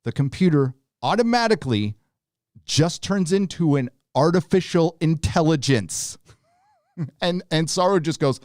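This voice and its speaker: A man's voice: fairly high pitch, lively intonation, measured pace, darkish tone, no echo, clean studio sound. A man hosting a live review show, talking casually in a sarcastic, mocking way with plenty of laughs and fillers.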